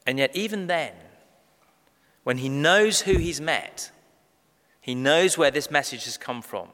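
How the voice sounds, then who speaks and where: A man preaching a sermon, measured and emphatic, slowing down to stress key phrases. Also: a little high, animated, fairly bright tone. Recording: long reverb of a large hall.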